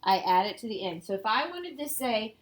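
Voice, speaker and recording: A woman's voice: a little high, big pitch swings, fairly quick. Woman teacher quizzing her class. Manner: explains step by step, quizzing students. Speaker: Spanish teacher. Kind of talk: casual classroom review.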